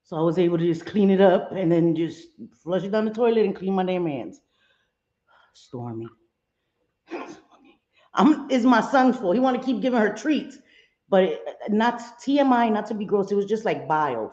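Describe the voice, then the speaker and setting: A woman's voice: medium pitch, animated, moderate pace, mellow. A woman hosting a casual livestream from her home, chatting with viewers and mixing in Spanish exclamations. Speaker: livestream host. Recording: echoey room, dull lo-fi sound.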